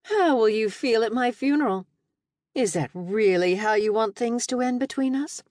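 A woman's voice: on the low side, animated, moderate pace, darkish tone, no echo, clean studio sound, natural voice. A woman voicing a teasing, theatrical young woman friend on a phone call in an audiobook, playing up mock drama. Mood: mock-sad.

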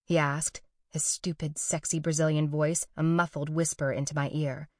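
A woman's voice: low-pitched, level tone, moderate pace, a little mellow, no room sound. Wry young woman narrating, dry sound. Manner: wry, sarcastic, profane. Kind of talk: first-person audiobook narration.

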